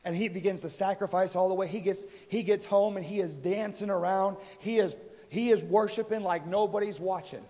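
A man's voice: sits high, fairly even intonation, a little fast, warm tone. A man preaching a sermon, retelling a story in a casual, conversational way and voicing the people in it. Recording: reverberant hall.

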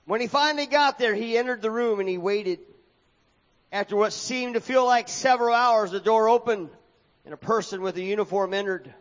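A man's voice: sits high, brisk. A man preaching a sermon, telling a story dramatically and acting out the characters' cries. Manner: dramatic, acts out shouted lines. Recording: dull echoey hall recording.

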